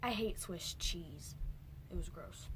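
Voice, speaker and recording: A woman's voice: on the low side, slow pace, background noise. A young woman casually recapping a movie for her vlog, rambling and jumping between points with whispered asides. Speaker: movie reviewer.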